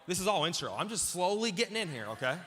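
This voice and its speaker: A man's voice: high voice, sing-song, quick pace, bright, forceful tone. A man preaching a sermon as pastor, emphatic and repeating phrases as he calls out to the congregation. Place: large church auditorium. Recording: hall reverb from a large church.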